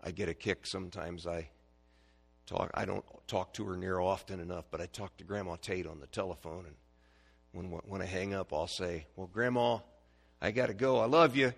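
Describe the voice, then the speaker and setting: Male preacher, gravelly and husky, folksy sermon, asks the pews questions. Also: low voice, fairly even intonation, moderate pace. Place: church.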